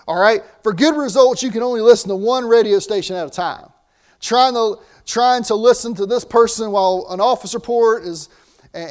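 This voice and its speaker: A man preaching a sermon in a conversational way, with asides and restarts. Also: high voice.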